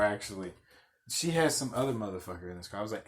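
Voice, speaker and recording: A young man hosting a podcast, telling a story in a loud, animated, profane way, acting out what people said and laughing often. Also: medium pitch, fast talker. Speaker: podcast host. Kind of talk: casual storytelling rant.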